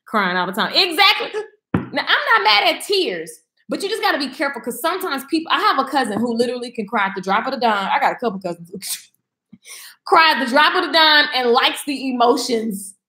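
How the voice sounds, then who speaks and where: A woman's voice: high voice, very animated, brisk, pushed and bright. A woman hosting a casual live-stream chat, blunt and sassy, talking in a no-nonsense way. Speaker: host of a live video chat. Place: indoors at home. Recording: echoey room.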